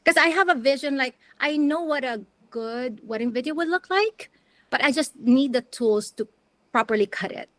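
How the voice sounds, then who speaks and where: A middle-aged woman from the Philippines, telling her story as an interview guest in a chatty, animated way with lots of restarts. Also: high voice, normal speed, no room sound. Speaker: interview guest, wedding planner and videographer.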